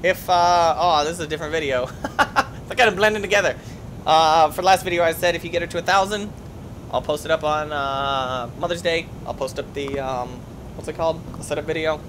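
A young man giving excitable let's-play commentary as a gaming YouTuber, yelping and shrieking when things go wrong. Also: a little high, brisk, slight background noise. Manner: excitable, yelps and shrieks at in-game deaths.

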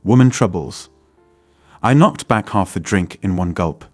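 A man telling a first-person story in a measured, scripted narration. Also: sits low, lively intonation, no echo, soft background music.

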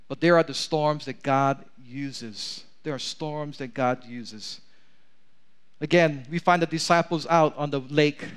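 A man's voice: fairly high pitch, clear, resonant tone. A man preaching a sermon in a large church, calling for amens from the congregation and reading scripture aloud. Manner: preaching with rising intensity, asks for amens. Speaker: pastor.

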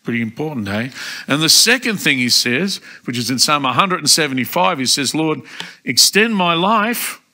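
An Australian man preaching a sermon in a church, emphatic and rising to loud exclamations, acting out quoted prayers. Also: medium pitch, lively intonation, fairly quick. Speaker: pastor. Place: church service.

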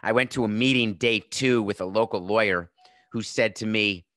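In studio-quality audio without room sound, a man in his fifties speaks at normal speed in a fairly low, slightly bright voice. As host of a sports podcast, he gives opinionated commentary punctuated by sarcastic, emphatic rhetorical questions.

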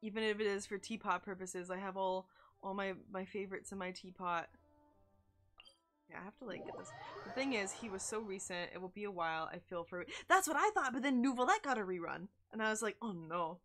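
Young female streamer, excitable and chatty, mid-pitched voice, game music underneath. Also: brisk. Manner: excitable, gushing, squeals and laughs, chats with viewers. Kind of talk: live game-stream chat.

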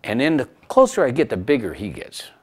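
A man's voice: medium pitch, wildly swooping pitch, fairly quick, husky. A middle-aged man telling a self-mocking story from his youth in an interview. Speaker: composer recalling a story. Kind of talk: interview anecdote.

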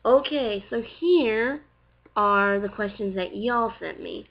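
A woman's voice: mid-range voice, expressive, slow, dull audio. A young woman with a light Southern US accent, chatting casually through viewer questions in a rambling way, full of fillers. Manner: chatty, rambling, heavy on fillers like "like" and "you know". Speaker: vlogger answering viewer questions. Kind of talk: casual Q&A vlog.

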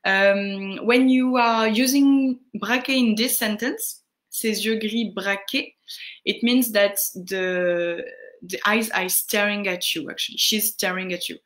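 A woman with a French accent giving casual French lessons, answering viewer questions with frequent pauses and fillers. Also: mid-range voice, steady tone, fairly bright tone. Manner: unhurried, answering viewer questions, greets chatters; hesitant, many fillers. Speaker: French tutor on a live stream.

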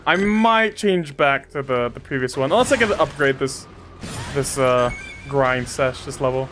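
A woman commentating her gameplay casually, excitable, swearing and trash-talking enemies. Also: a bass voice, unhurried, over music. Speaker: gaming streamer.

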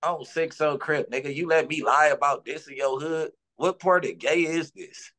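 A man's voice: fairly high pitch, normal speed, a bit bright. A man from Los Angeles, a guest in an interview, talking heatedly and insistently in profane street slang.

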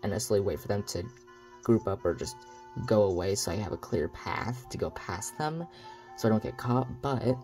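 A man's voice: on the low side, gravelly, warm tone. A man hosting a let's play, rambling through his commentary with sarcastic, self-mocking asides.

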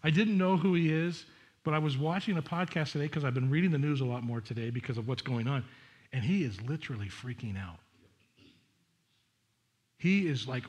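A middle-aged man, a pastor preaching a sermon in a chatty, animated way with asides to the congregation. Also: medium pitch, brisk, long pauses.

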